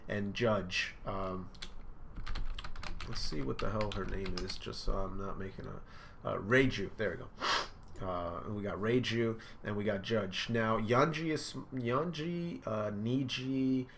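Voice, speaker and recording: Excited man hosting a manga reaction. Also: fairly low pitch, slow pace, gravelly, a little hiss or hum. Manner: excited, narrates action with sound effects. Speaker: manga reaction video host. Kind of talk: casual reaction commentary.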